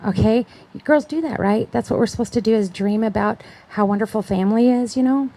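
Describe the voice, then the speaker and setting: A woman's voice: on the high side, brisk, mellow, poor audio. A middle-aged woman giving a personal testimony talk, chatty, acting out the voices of people she quotes and often checking in with "right?". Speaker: conference speaker.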